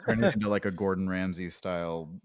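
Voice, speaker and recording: A man's voice: sits low, steady tone, brisk, dry recording, clean studio sound. A man talking as a podcast guest in casual conversation, reflective and hesitant, with many fillers and restarts.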